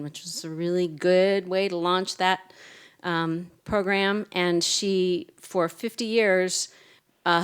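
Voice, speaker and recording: Woman, former newspaper writer, lowish voice, chatty anecdotal remarks at a live literary event. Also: clear, resonant tone. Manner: chatty, anecdotal, self-deprecating humor. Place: event room with a seated audience.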